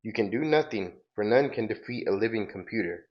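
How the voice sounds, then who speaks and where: A man's voice: on the low side, lively intonation, fairly quick, lo-fi sound, close to an everyday voice. A man reading as a boastful robot villain. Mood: menacing. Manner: grandiose, menacing declarations read aloud. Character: boastful male robot villain, cold, grandiose. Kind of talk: casual comic book reading.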